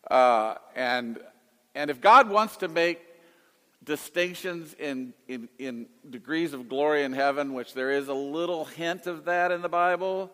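A man's voice: fairly high pitch, a little slow, a bit bright, clean tone, in a large hall. A man in his late fifties, a radio Bible teacher answering callers in a folksy, rambling way with restarts. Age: 50s. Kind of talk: call-in radio chat.

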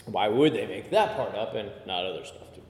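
This man's lowish voice is expressive, a bit fast, and somewhat mellow, carrying a faint hiss or hum. He teaches a Bible study conversationally, questioning the group, unpacking Greek terms, and dropping frequent "okay"s. Long reverb fills the echoey room.

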